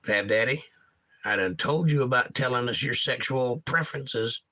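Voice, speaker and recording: A middle-aged man hosts a relaxed livestream, reading out viewer comments and riffing on them with dry jokes. His voice is very bright and forward, sitting at an ordinary pitch for a man. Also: normal speed. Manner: jokey, reads viewer comments aloud and riffs on them. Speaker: livestream host reading chat. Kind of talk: casual livestream chat.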